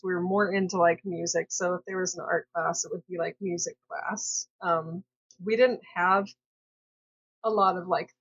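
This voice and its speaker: A woman from Southern California telling a personal story in a casual, rambling way, hesitant and full of fillers and self-corrections. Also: medium pitch. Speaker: vlogger. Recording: dull lo-fi recording.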